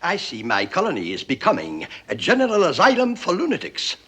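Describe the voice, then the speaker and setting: A husky, haughty colonial governor. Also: male voice, sits high, wildly swooping pitch, a little fast, bright, forceful tone, full character voice. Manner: formal, disdainful. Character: stiff, haughty male French colonial governor. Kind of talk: 1950s film acting.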